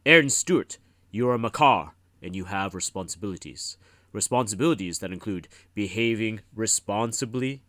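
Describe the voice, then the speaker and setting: A stern older wizard master scolding his pupils, as an audiobook reader puts him on. His lively, commanding delivery rises and falls with reproach. The dry, close recording has no room sound. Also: fairly low pitch, moderate pace, dry recording. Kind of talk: audiobook reading.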